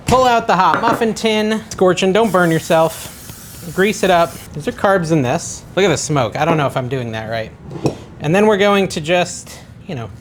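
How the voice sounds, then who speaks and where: A man's voice: a little high, a little hiss or hum. A man hosting a casual home cooking vlog, chatting and thinking aloud in his kitchen with a self-deprecating manner. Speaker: cooking channel host.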